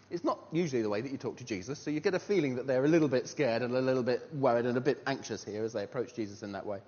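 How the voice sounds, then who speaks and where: A man preaching a sermon, telling a story and asking animated rhetorical questions with a touch of self-deprecating humour. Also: mid-range voice, quick pace, few pauses. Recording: dull sound with long hall reverb.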